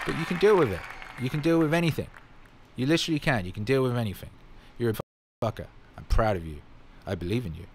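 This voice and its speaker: A man's voice: medium pitch, very animated, fast talker, some chatter behind, slight background noise. A man hosting a casual livestream Q&A, answering viewer questions in a blunt, emphatic way and swearing freely. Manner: repeats catchphrases.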